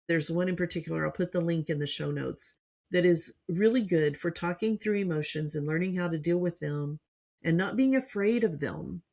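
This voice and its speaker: A woman hosting a faith-based parenting podcast, talking in a calm, earnest teaching manner and working through her points one by one. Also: sits low, creaky. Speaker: podcast host.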